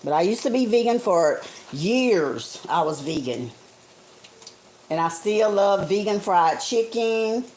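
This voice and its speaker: A woman's voice: medium pitch, animated, takes it slowly, darkish tone, low-quality recording. A woman, talking viewers through a recipe in a casual, homey live cooking stream from her kitchen. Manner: chatty and homey, calls viewers honey and guys. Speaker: home cook streaming live. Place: home kitchen, frying on the stove. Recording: faint kitchen noise with frying sizzle.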